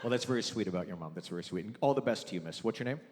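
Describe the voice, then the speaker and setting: A man's voice: lowish voice, lively intonation, rapid-fire. A man doing a stand-up comedy set in a large theater, working the crowd with brash, mock-exasperated rants. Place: large theater with live audience. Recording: long hall reverb, audience noise.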